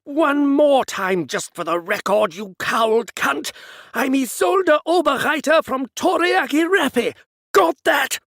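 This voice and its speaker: A man voicing a crude, defiant older woman who yells insults while possessed. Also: very high voice, lively intonation, takes it slowly, gravelly, no room sound, studio quality, voice pushed up, heavily acted.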